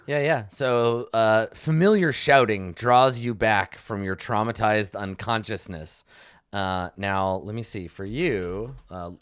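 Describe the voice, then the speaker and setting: A man's voice: fairly low pitch, slow pace, smooth, no room sound, clean studio sound. A man narrating as dungeon master in a rambling way, full of ums and likes, on a stream call from home. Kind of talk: narrating a tabletop game.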